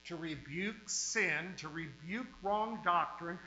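A male pastor preaching a sermon in a church, emphatic, with sudden swings in loudness and words he stretches out slowly. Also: a little high, soft background music. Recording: roomy, dull sound with faint mains hum.

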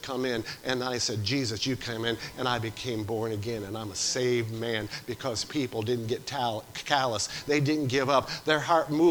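A man's voice: medium pitch, low-quality recording. Impassioned preacher man. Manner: impassioned preaching, swinging from loud to hushed. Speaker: pastor. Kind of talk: sermon.

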